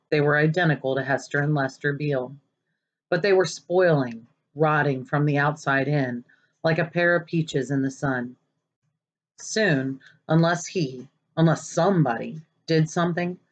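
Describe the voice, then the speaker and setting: A woman reading a children's novel aloud, expressive and lively, raising her voice for the characters' lines. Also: deep voice, muffled recording. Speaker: narrator.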